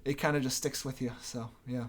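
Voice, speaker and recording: A man's voice: medium pitch, little pitch movement, fairly quick. A man interviewing a guest, mostly giving short agreements, then reflecting in a casual way.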